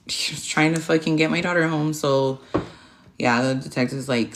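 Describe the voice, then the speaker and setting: A woman's voice: rumbling low, steady tone, moderate pace. A woman hosting a tarot livestream, chatting casually in a blunt, profane, rambling way and thanking viewers by name as she goes. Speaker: tarot reader and livestream host.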